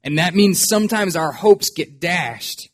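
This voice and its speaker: Guy pastor preaching a sermon, earnest, voice a bit on the high side. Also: measured pace. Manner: earnest, expressive preaching with dramatic quoted voices.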